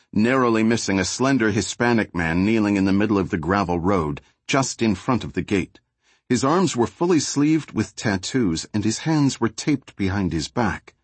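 A man narrating an audiobook thriller in a steady, even storytelling voice. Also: on the low side, husky, no room sound. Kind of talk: scripted narration.

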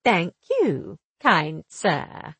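A woman reading the lines of a quick-witted young woman amateur sleuth, chatty and teasing, with a breathy voice. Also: lowish voice, huge pitch swings, a bit bright, no echo, voice pushed down, heavily acted. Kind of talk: audiobook dialogue reading.

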